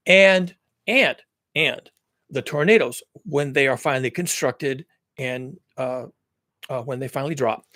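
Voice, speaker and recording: A man's voice: mid-range voice, a bit bright, no room sound. Guy doing a solo livestream, earnest, repeats and restarts a lot, mid voice, dry close mic. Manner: earnest, repetitive, explaining with lists and restarts. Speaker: climate commentary host. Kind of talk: live-streamed solo talk.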